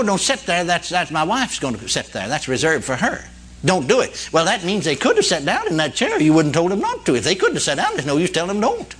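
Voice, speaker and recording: A man's voice: fairly high pitch, a bit bright. A man preaching a sermon to a congregation, telling a story in a folksy way and asking "amen?" and "you see?". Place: church meeting hall before a congregation.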